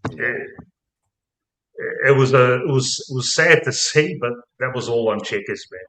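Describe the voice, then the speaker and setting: An Australian man hosting a casual football podcast, blunt, sweary and excitable. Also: medium pitch, normal speed. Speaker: podcast host. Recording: roomy echo.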